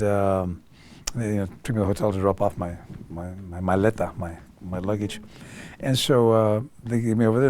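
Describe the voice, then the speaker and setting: A man's voice: lowish voice, slight background noise. Older man telling stories animatedly. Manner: animated, acts out quoted voices. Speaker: guest. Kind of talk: storytelling interview.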